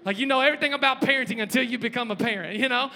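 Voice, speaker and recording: A man, preaching a lively sermon, joking and calling out to the congregation. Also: very high-pitched, racing, vocal fry, slight background noise. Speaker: pastor. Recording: long hall reverb.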